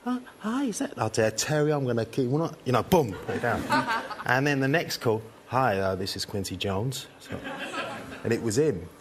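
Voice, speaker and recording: A man telling a lively, chuckling anecdote. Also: mid-range voice, normal speed, noisy background. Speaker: musician. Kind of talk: casual anecdote.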